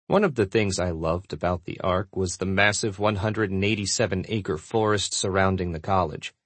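A man narrating a first-person audiobook in a steady, relaxed storytelling manner. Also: deep voice, normal speed, no room sound.

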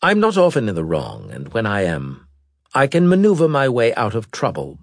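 A man voicing a tall, haughty aristocratic earl with a lofty, formal manner, pitched well above his own deep, husky voice and louder. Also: wildly swooping pitch, normal speed, dry recording, studio quality, full character voice. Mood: contrite.

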